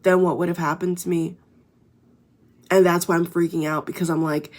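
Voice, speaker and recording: A woman's voice: lowish voice, flat delivery, normal speed, a little mellow. Earnest woman pleading with her viewers. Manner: earnest and emphatic, addresses viewers as guys, frequent you know and swearing. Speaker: spiritual vlogger. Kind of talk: casual direct-to-camera monologue.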